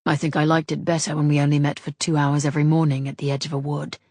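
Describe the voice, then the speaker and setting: A woman voicing a lazy, teasing rogue of a gentleman. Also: low-pitched, flat delivery, fast, breathy edge, dry recording. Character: teasing, roguish gentleman swordsman, adult man. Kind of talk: audiobook character voice.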